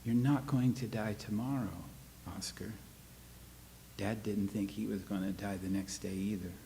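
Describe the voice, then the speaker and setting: A man reading aloud as a weary, worried mother who pleads and tries to calm her son, recorded in an echoey hall. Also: fairly low pitch, measured pace. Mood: strained. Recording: echoey hall, faint noise.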